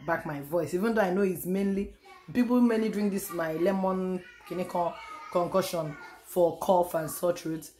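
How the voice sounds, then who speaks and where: Hoarse Nigerian woman vlogging. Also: on the low side, warm tone. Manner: chatty, repeats herself, sighs and trails off. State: hoarse, losing her voice. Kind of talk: casual home vlog chat. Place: room at home.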